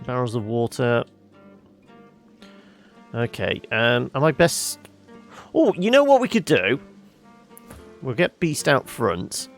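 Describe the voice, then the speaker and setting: A man giving casual gameplay commentary, wry and thinking aloud. His mid-pitched voice carries a gravelly fry, with faint music under him. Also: big pitch swings, slow, pauses often. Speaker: gameplay host.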